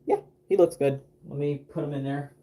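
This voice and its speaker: A man's voice: fairly high pitch, a little fast, mellow. A man chatting casually on a livestream while he paints a doll, rambling with lots of fillers and restarts.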